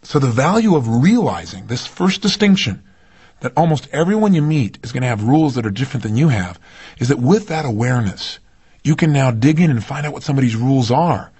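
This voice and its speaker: A man's voice: mid-range voice, sing-song, fairly quick, darkish tone, slightly rough. A man giving an emphatic motivational seminar talk, often putting rhetorical questions to his audience. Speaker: motivational speaker.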